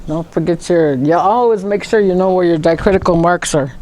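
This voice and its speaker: In a classroom lesson, a woman language teacher speaks slowly and deliberately, repeating words syllable by syllable. Her voice is fairly low and a little mellow.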